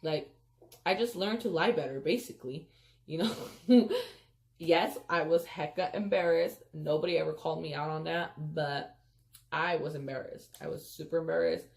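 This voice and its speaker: Low-voiced woman chatting through a storytime. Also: normal speed, creaky. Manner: chatty, addresses viewers as "you guys", heavy "like" and "freaking"; animated, emphatic retelling. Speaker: storyteller vlogger. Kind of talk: casual storytime vlog.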